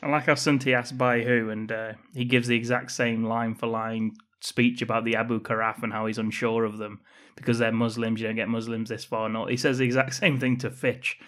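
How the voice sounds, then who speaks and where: A man's voice: mid-range voice, little pitch movement, fairly quick, hardly any pauses, a bit bright. A man with a mid-range voice co-hosts a film podcast. He recaps scenes in easy, casual chat and keeps breaking into laughter. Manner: laughing often, giggly recaps. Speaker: podcast co-host.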